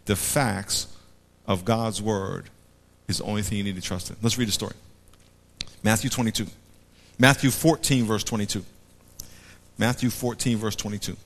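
A man preaching a sermon, animated, acting out voices and swinging between loud and hushed. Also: lowish voice, moderate pace, long pauses. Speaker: pastor. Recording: long hall reverb.

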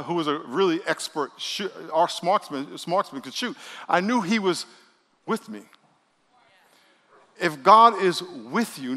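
A male pastor preaching a sermon, leading the congregation in call-and-response and swinging between loud bursts and quiet asides. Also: high-pitched, long reverb tail. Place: church sanctuary.

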